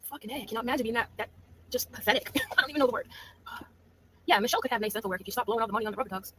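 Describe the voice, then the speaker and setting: Fast-talking woman mocking on a stream. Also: a little high, sharp tone, a little hiss or hum. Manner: mocking, laughing, casual. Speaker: livestream host. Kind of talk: gossip livestream.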